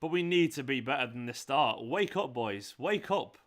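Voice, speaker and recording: Exasperated bright-voiced football fan. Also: male voice, medium pitch, animated, normal speed. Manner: exasperated, swearing, shouting at players. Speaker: fan channel host. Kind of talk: live football watchalong reaction.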